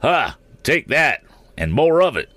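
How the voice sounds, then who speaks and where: A man reading a storybook voicing an eccentric older gentleman who shouts with glee. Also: fairly high pitch, big pitch swings, measured pace, dry recording, voice pushed up. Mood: triumphant. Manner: shouting gleefully.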